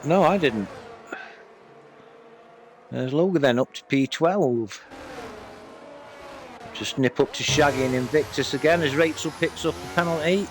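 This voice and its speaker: A man giving relaxed, chatty commentary on an online motor race and apologising for small slips as he goes. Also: fairly high pitch, unhurried, pauses often, a little hiss or hum. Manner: casual, chatty, apologetic asides. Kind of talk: sim racing commentary.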